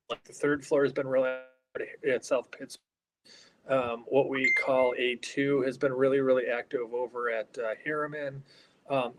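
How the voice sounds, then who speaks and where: Softly speaking man in an old building. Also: medium pitch, slight background noise, low-quality recording. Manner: talks quietly, keeping his voice down. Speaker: caretaker of a haunted hospital. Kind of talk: casual interview. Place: inside an old hospital building. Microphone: earpiece headset.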